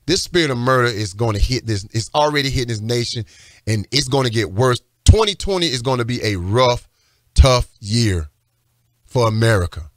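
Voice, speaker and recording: A man's voice: mid-range voice, expressive, moderate pace, dry recording, clean studio sound. A man, a radio pastor preaching fervently, repeating his calls with growing emphasis. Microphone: studio microphone.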